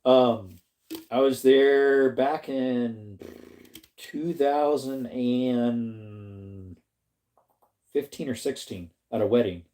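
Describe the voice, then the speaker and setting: Mellow-voiced man chatting on a livestream. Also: medium pitch, very slow, pauses often. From Arizona. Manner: rambling, chatty, laughs often, greets viewers by name. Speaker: livestream host reading chat. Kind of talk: casual livestream chat.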